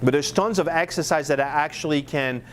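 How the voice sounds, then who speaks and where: A man's voice: fairly high pitch, moderate pace, a little hiss or hum. A middle-aged man from France with a French accent, teaching a marketing workshop in a casual, chatty way with lots of fillers and restarts.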